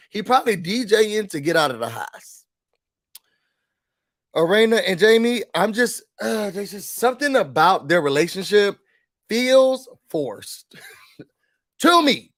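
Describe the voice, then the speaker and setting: A man giving a casual, exasperated rant to camera about a reality TV show. He talks straight at the people on the show and mimics them in quick put-on voices. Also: sits high, sing-song, a bit bright, no room sound, studio quality. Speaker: reality TV reviewer.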